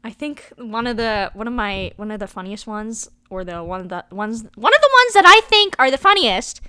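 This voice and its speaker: Young woman, casual rambling vlog chat, bright lively voice, dry close sound. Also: fairly high pitch, normal speed, clear, resonant tone, dry recording. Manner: giggly, filler-heavy, trailing off and restarting. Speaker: vlogger.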